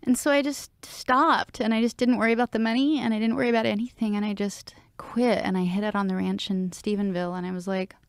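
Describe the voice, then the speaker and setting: A woman's voice: medium pitch, fairly even intonation, quick pace, few pauses, clean tone, no echo, clean studio sound. A woman, a singer-songwriter and interview guest, talking frankly and reflectively with casual swearing and frequent laughs. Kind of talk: candid emotional interview.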